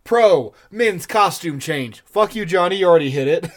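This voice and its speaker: A man co-hosting a podcast in casual chat, excitable and rambling, laughing often. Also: sits high, moderate pace. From Colorado. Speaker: podcast co-host.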